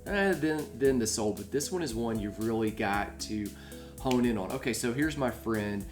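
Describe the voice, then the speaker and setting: A man's voice: mid-range voice, lively intonation, normal speed. Rambling male podcast host, faint music. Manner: rambling, restarts mid-sentence, laughs easily. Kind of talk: casual interview chat.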